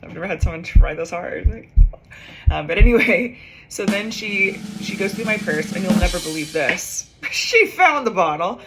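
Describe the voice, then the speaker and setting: Young woman comic doing a storytime, jokey and self-roasting, kinda lowish voice, animated. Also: moderate pace, loud music behind the voice. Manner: animated and self-mocking, acts out dialogue with big jumps in pitch. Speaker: comedian telling a personal story. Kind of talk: casual storytime monologue.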